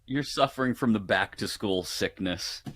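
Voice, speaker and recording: A man's voice: lowish voice, normal speed, fairly bright tone. A man with a Pittsburgh accent, a guest on a sports betting radio show, telling stories in a chatty, playful way. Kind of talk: casual radio chat.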